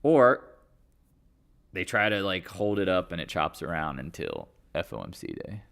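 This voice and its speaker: A man's voice: sits low, big pitch swings, moderate pace, creaky, fairly bright tone. A man hosting a live market stream in a rambling, joking, offhand way, with the odd swear. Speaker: stock market livestream host. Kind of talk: casual live market chat.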